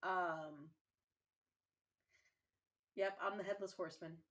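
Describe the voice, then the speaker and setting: A woman hosting a casual gaming livestream, chatting warmly with her viewers and sounding tired and yawning. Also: lowish voice, steady tone, takes it slowly.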